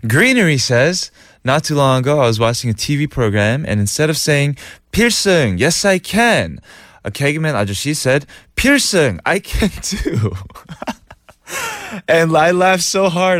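A man's voice: mid-range voice, no room sound, studio quality. A man hosting a casual radio show, reading listener messages and laughing easily. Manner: laughs easily, animated and chatty. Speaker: radio host. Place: radio studio booth.

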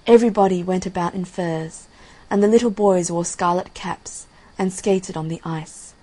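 Female storyteller for a fairy tale; breathy tone, lowish pitch, calm and measured. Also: poor audio. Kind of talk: storybook reading.

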